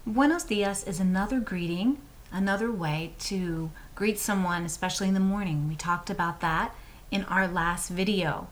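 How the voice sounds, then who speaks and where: A woman teaching Spanish words to young students, saying each word slowly and asking the class to repeat it. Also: fairly low pitch. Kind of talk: slow, clear classroom instruction to children.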